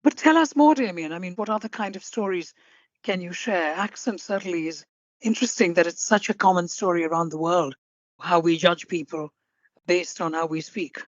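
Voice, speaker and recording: A woman hosting an interview podcast who speaks in a measured, deliberate way and sums up her guest's points. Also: fairly low pitch, dry recording, dull audio. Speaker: podcast host.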